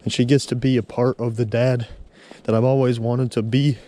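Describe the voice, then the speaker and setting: A vlogger in his thirties, with a dark, mid-range voice, level tone, and normal speed, walks a snowy outdoor trail. In this casual walking vlog he tells a heartfelt, rambling story about his day.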